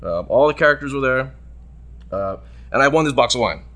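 A man hosting a show, telling a long anecdote in casual chat and acting out the people in it. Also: fairly quick. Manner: animated, acts out quoted voices with big jumps in pitch. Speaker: radio show host.

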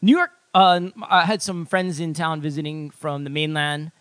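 A man's voice: on the high side, moderate pace, a bit bright, clear, resonant tone, dry recording, studio quality. A man from Hawaii, co-hosting and reading news items in casual banter. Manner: reads items then asks questions.

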